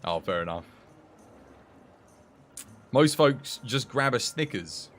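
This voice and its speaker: A man's voice: medium pitch, lively intonation, slow pace, fairly bright tone. A young man streaming a game, chatting casually with viewers, joking and swearing now and then. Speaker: gaming streamer. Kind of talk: casual livestream chat while playing.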